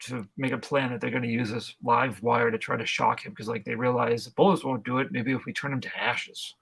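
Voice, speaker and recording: A man's voice: mid-range voice, fairly even intonation, brisk, gravelly, fairly bright tone, breathy edge. A man co-hosting a podcast, casually recapping a horror film's plot with dry, laid-back jokes. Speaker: podcast co-host. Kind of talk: casual film review chat.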